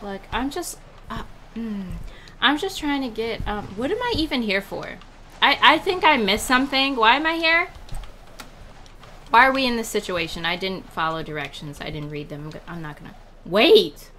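A woman's voice: fairly high pitch, animated, normal speed, a little hiss or hum. Jumpy woman narrating a horror game. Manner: jittery, swings from hushed muttering to frantic yelps. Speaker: video game player. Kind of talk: horror game let's-play commentary.

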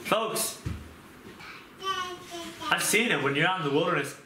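A man preaching a sermon to a small group in an earnest, conversational way, with quick asides and questions to his listeners. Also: mid-range voice. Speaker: pastor. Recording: echoey room with background noise.

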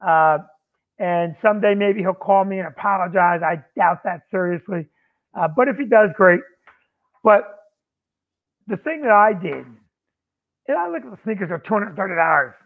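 High-voiced man on a tinny phone line. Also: normal speed, pauses often. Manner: animated storyteller acting out quotes. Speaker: comedy club owner and comedian. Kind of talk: casual storytelling on a podcast.

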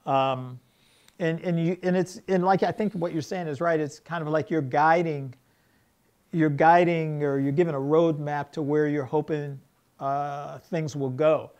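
Animated middle-aged male storyteller. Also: a little high, unhurried. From United States. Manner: animated storyteller, acts out quoted dialogue, many restarts. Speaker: film director, guest. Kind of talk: interview conversation, storytelling.

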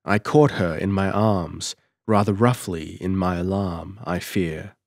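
Man, audiobook narrator, deep-ish voice, measured storytelling, unhurried. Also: steady tone, creaky, no echo, studio quality. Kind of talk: scripted narration of a first-person adventure story.

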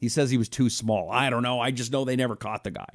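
A man's voice: mid-range voice, fast talker, dry recording. Guy hosting a live stream, reading off viewer names, blunt and loose, dry close mic. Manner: chatty, shout-outs to viewers, blunt asides. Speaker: host.

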